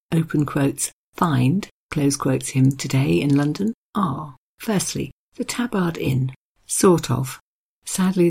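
A podcast host walks listeners through history with chatty storytelling and the odd wry aside. The voice has a gravelly texture. It sounds a touch husky, and the pitch sits in the middle range. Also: darkish tone. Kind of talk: informal history talk.

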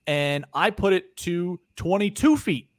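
A man co-hosting a podcast, telling a story in casual chat, animated and swearing freely, often trailing off quietly at the ends of phrases. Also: high voice, unhurried, no room sound, clean studio sound. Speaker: podcast co-host.

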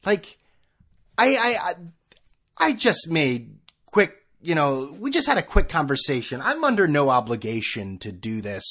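Man, podcast host, comic storytelling, rambling, self-mocking, lively swinging pitch. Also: measured pace. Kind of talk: comedic storytelling.

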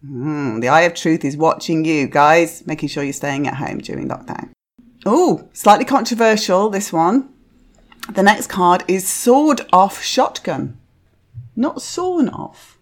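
A middle-aged woman hosting a podcast, chatting in a rambling, self-deprecating way with quiet asides. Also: fairly low pitch, measured pace. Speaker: podcast host. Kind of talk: casual chat reviewing cards.

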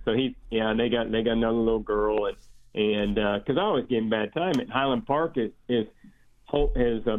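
An older man, a baseball coach calling in as a guest, talking in a halting, rambling way full of fillers and restarts. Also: on the low side. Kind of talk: casual phone interview. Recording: tinny phone line.

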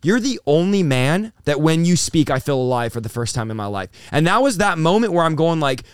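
Young pastor, male, raised voice, smooth and resonant, dry close mic; passionate testimony-teller. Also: fairly high pitch, big pitch swings, brisk, no echo. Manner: intense, storytelling with acted-out quotes. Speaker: pastor and guest. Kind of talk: emotional testimony in an interview.

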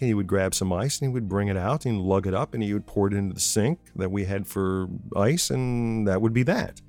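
A man's voice: on the low side, a little mellow. A man who once ran radio programming, telling a personal story in a conversational way and repeating phrases for emphasis. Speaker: former radio programming manager.

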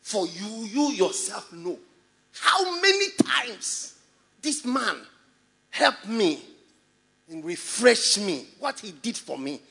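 A man with a Ghanaian English accent preaching a sermon in a church, animated and often laughing as he mimics people's excuses. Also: high voice, takes it slowly, creaky. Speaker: pastor. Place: large church hall.

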